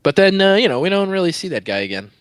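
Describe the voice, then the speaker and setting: A man's voice: high-pitched, very animated, fast talker, smooth, dry recording. A man co-hosting a podcast, giving playful, chuckling commentary in casual book chat. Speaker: podcast co-host.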